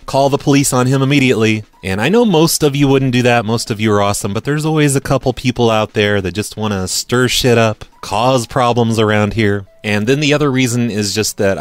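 A man hosting a radio show, casually reacting to voicemails with dry, sarcastic asides. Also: lowish voice.

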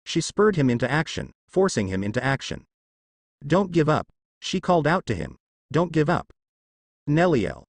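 A man narrating a scripted story in a dramatic, expressive way. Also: medium pitch, no echo, studio quality.

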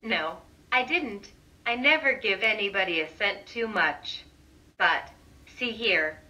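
A woman voicing a poor, humble old man who speaks gently and politely. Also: mid-range voice, lively intonation, takes it slowly, voice pushed down.

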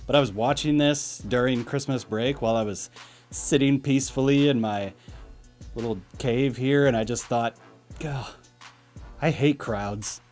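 A man's voice: medium pitch, moderate pace, a little mellow, soft background music. A man hosting a casual commentary vlog, talking in a rambling, self-deprecating way. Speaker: video host.

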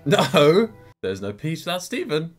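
A man, hosting a reaction video, excitable and laughing with lots of exclamations. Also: fairly high pitch, a little slow, soft background music. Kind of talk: live reaction commentary.

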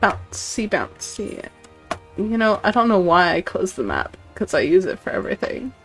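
A woman's voice: medium pitch, sing-song, fairly quick, faint music behind. A woman streaming a video game, chatting casually in a playful, giggly way and reading game text aloud. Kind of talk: casual gameplay commentary.

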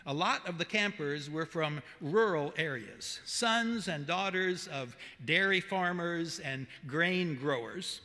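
Pastor, male, Southern accent, high bright voice, earnest measured sermon, long church reverb. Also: animated. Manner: earnest, measured preaching with emphatic repetition. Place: church sanctuary.

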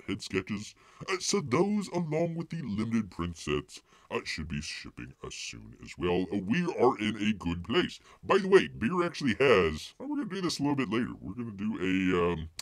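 A man's voice: fairly low pitch, wildly swooping pitch, normal speed, no room sound, clean studio sound. A man hosting a casual live stream, rambling with lots of filler words and calling himself by name in the third person. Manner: folksy, heavy use of filler words.

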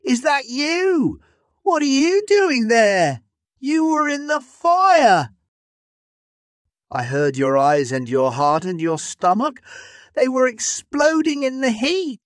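A man reading a graded-reader story, voicing a boastful, cruel male lion in a loud, threatening voice. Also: high-pitched, unhurried, dry recording, clean studio sound, voice pushed up. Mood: shouting.

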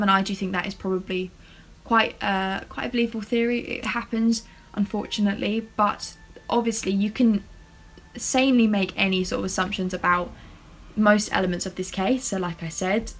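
A woman with a middle-pitched voice talks straight to her viewers in a casual vlog. She hedges a lot and keeps stumbling and restarting. She has an easygoing, conversational delivery. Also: rough recording. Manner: chatty, hedging, stumbles over words. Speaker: true-crime vlogger. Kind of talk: casual to-camera talk.

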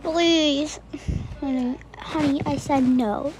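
A woman's voice: sits high, fairly even intonation, slow pace, very noisy. A woman voicing a mother who firmly but patiently refuses her child.

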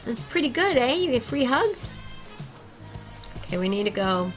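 A woman chatting casually and excitably with her viewers while she plays a game on a livestream. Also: on the high side, moderate pace, faint music behind, low-quality recording. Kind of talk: casual gaming livestream chat.

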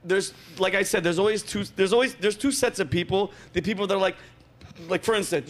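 A man with a fairly high voice hosting a casual podcast chat. He talks emphatically and with a conspiratorial tone, and often cuts in on his guest. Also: fairly quick. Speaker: podcast host.

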